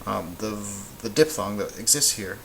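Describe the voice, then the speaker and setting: Guy teaching a whiteboard lesson, kinda low voice, patient, fixes his own slips, little bit of background hiss. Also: animated, normal speed, gravelly, a bit bright, rough recording. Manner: patient, explains step by step, corrects himself. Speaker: Spanish teacher.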